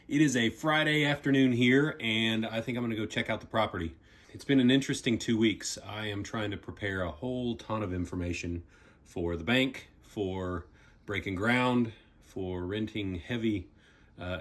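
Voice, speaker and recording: A man talking casually as a vlogger, easygoing and chatty, often pausing with "uh". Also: on the low side, fairly bright tone. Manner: easygoing, chatty, with frequent "uh" pauses. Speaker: vlogger and property owner. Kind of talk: casual vlog narration.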